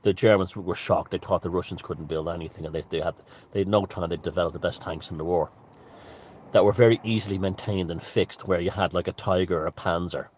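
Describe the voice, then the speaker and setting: A man's voice: sits low, steady tone, fast talker, a little mellow, a little hiss or hum. A man giving a casual, rambling monologue, emphatic and full of restarts and asides. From Ireland. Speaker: author and commentator.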